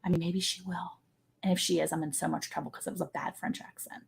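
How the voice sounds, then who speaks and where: A woman's voice: lowish voice, flat delivery, fast talker, vocal fry, breathy edge. A woman hosting a casual livestream from her ranch, chatting playfully and joking while reading out viewer comments. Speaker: livestream show host. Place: ranch home.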